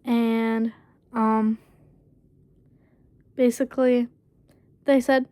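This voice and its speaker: Woman doing a storytime vlog, slow and hesitant, lots of ums, slightly high voice. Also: flat delivery, dark tone, no room sound. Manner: halting, full of fillers like "basically" and "um". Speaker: storyteller vlogger. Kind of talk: casual storytime.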